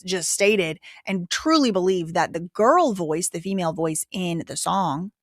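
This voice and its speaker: A woman's voice: lowish voice, unhurried, no room sound, studio quality. A woman hosting a live online show, talking casually and at length, often repeating herself as she works through her points. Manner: rambling, repeats herself, quotes others. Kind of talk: casual commentary.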